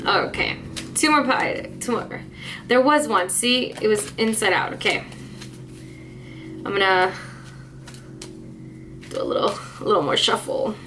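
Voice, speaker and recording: A woman's voice: mid-range voice, lively intonation, measured pace, pauses often, a bit bright, a little hiss or hum. A woman beauty vlogger chatting casually to camera about her makeup, with frequent fillers and small laughs.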